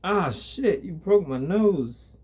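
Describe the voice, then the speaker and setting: A man's voice: high voice, animated, takes it slowly, darkish tone, breathy edge, pitched above the performer's own voice, heavily acted. A man voicing a crude, cocky young street thug in a storybook reading. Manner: sneering, brash tough-guy talk.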